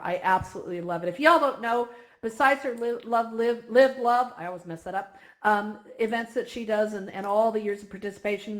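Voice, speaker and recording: A woman giving a heartfelt, emotional talk to a virtual reality community, speaking effusively and close to tears at times. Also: medium pitch.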